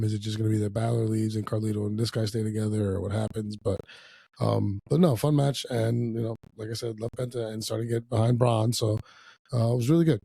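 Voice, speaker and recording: Co-host: young man, quick gravelly delivery, dark tone, dry close mic, casual recap chat. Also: fairly low pitch, no echo. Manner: fast, animated, acts out wrestlers' lines. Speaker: podcast co-host.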